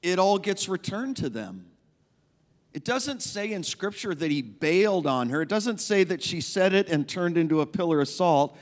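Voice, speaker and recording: A man's voice: sits high, expressive, moderate pace. A male pastor preaching a sermon in a conversational, emphatic way, repeating key phrases. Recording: long reverb of a large hall.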